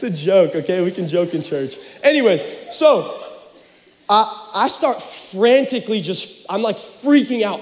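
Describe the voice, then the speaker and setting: A young man preaches with an animated, joking storytelling manner. His voice sits high for a man. Long reverb rolls through the large church hall around him. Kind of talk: sermon.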